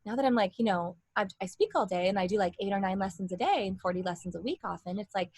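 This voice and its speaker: A woman's voice: medium pitch, fast talker, dry recording. A young adult woman vocal coach giving a casual, rambling lesson with demonstrations.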